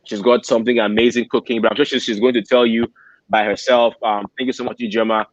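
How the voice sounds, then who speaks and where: A man's voice: medium pitch, flat delivery, fast talker, no echo. Man, motivational speaker, preachy, keeps checking "okay?", dry muffled recording. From Nigeria. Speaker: convention speaker. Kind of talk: motivational talk. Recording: dull lo-fi sound.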